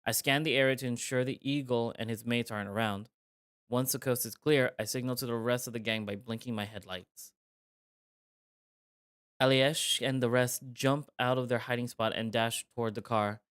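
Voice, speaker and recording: A man's voice: medium pitch, steady tone, normal speed, fairly bright tone, smooth, no echo, clean studio sound. A man streaming a live reading of a visual novel, narrating in the first person with casual, joking asides.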